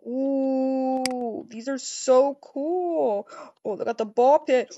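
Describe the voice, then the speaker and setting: An excitable, easily startled woman rambles through a first-person game role-play, tripping over restarts in a slow, unhurried delivery. Her voice sits fairly high. The sound is dry and dull, like a lo-fi home recording. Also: dry recording.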